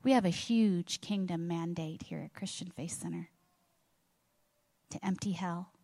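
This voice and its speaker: A woman's voice: on the low side, measured pace, gravelly, warm tone. A middle-aged woman pastor preaching a sermon, earnest, with rhetorical questions to the congregation. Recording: long reverb of a large hall.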